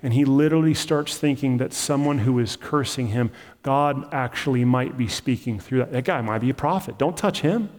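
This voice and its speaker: A man's voice: mid-range voice, moderate pace, a little mellow, big-room sound. A man preaching a sermon as pastor, in a conversational, emphatic style that acts out the story.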